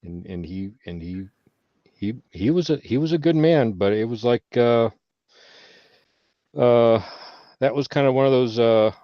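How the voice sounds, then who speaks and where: A man on a veterans' panel spins a long service story in casual chat, heavy with swearing and rising to loud bursts when he quotes himself. His voice sits in a middling register. The sound is dull and lo-fi, and the room is dry. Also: medium pitch, measured pace, long pauses, no echo. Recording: dull lo-fi audio.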